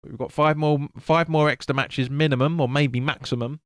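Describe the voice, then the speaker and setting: A man's voice: on the high side, fairly even intonation, moderate pace, no echo, clean studio sound. A man hosting a live football watch-along, chatting casually, swearing and stumbling over player names. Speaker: fan stream host.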